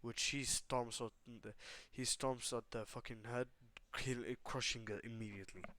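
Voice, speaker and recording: A man's voice: medium pitch, fairly even intonation, normal speed, bright, forceful tone, dry recording. Man rambling through a fan story. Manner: rambling, swears, many fillers. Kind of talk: casual fan-story chat.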